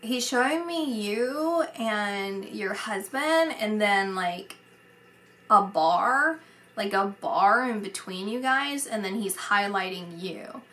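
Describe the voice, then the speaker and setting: A woman's voice: medium pitch, animated, slow, a bit bright. A woman psychic medium giving a casual spoken reading, rambling and hesitant with many fillers.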